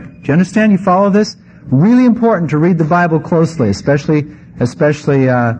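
A pastor preaching a conversational sermon, reading scripture and adding wry asides. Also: male voice, on the high side, darkish tone. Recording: slightly muffled with faint background noise.

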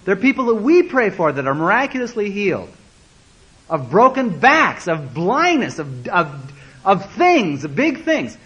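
A male preacher tells his sermon as a story, swinging his pitch up and down and acting out the people in it. His voice is husky and sits a bit high. He often repeats words as he goes. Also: a little slow, highs cut off. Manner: animated, acts out quoted voices, repeats words.

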